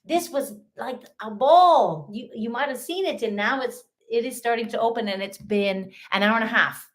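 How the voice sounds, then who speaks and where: A woman's voice: fairly high pitch, brisk, fairly bright tone. An Irish woman chatting casually on a live stream, playful and chatty, mumbling asides to herself and bursting into giggles. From Ireland. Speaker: livestreamer.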